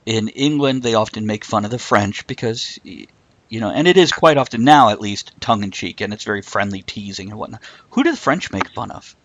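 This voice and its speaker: Lower-voiced American man asking questions. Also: a little fast, muffled recording, a little hiss or hum. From United States. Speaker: host. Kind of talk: casual interview.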